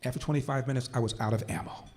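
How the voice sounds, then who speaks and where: An older man speaking at a conference, telling a personal story that leads into a political speech, slowing down and dropping quiet for emphasis before rising to forceful points. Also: mid-range voice, steady tone. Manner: storyteller who slows down and drops quiet for emphasis, then rises to forceful points. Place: conference hall stage.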